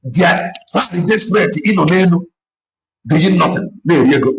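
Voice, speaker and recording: A gravelly-voiced man speaks with urgency, mixing Igbo and English and hammering his points through repetition. His voice sits a little high for a man, and a faint hiss runs behind it. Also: lively intonation, normal speed, poor audio. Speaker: activist speaker. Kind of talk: impassioned political talk.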